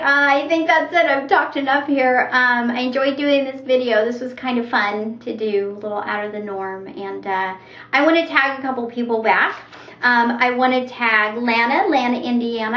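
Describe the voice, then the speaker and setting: Chatty middle-aged lady vlogging, kinda high voice, rambles and laughs, roomy muffled sound. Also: steady tone, normal speed. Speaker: YouTube vlogger. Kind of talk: casual chat. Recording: echoey room, dull lo-fi sound.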